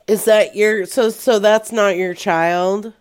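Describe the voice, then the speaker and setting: This woman host slips into mock-stern comic role-play on a prank call. She speaks slowly and deliberately, her pitch sitting mid-range. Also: fairly even intonation, smooth.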